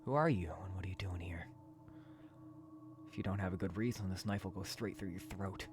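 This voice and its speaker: A man reading out a threatening female stranger in a forest, speaking in a low, slightly hoarse, half-whispered voice. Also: flat delivery, quick pace, a little mellow, soft background music, close to an everyday voice. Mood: menacing.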